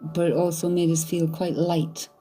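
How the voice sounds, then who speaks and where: A woman's voice: lowish voice, flat delivery, normal speed, dark tone, slightly rough, soft background music. A woman doing a psychic reading, thinking aloud in a hesitant, searching way. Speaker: psychic medium. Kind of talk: live medium reading.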